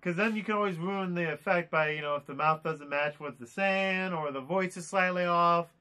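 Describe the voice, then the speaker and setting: A man chatting casually as co-reviewer, chiming in with quick, agreeing remarks. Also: high voice, sharp tone. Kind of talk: casual chat.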